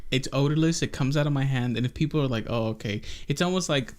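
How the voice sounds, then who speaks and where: A man's voice: mid-range voice, fast talker, darkish tone. A young man hosting a casual podcast chat, talking in a rambling, goofy, joking way. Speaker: podcast host.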